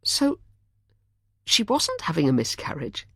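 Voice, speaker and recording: A woman's voice: sits low, wildly swooping pitch, a little slow, gravelly, slightly rough, dry recording, studio quality, heavily acted. A woman voicing an anxious, caring young woman in an audiobook, with urgent, rising questions in a raised voice. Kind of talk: audiobook character voice.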